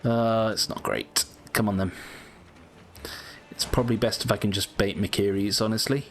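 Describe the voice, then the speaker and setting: A man's voice: lowish voice, steady tone, normal speed, over music. A British man giving casual gameplay commentary, chatty and prone to frustrated swearing. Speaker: gameplay streamer.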